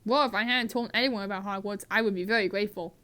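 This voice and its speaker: A woman voicing a big, gruff but kindly male groundskeeper in a comedic script reading. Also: mid-range voice, fairly even intonation, fast, sharp tone, lightly acted.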